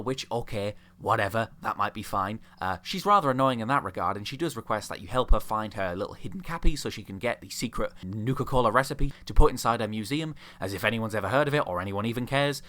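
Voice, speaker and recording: A man's voice: on the low side, pushed and bright. A young man giving sarcastic, ranting commentary on a video game, mocking the characters he talks about. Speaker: video host.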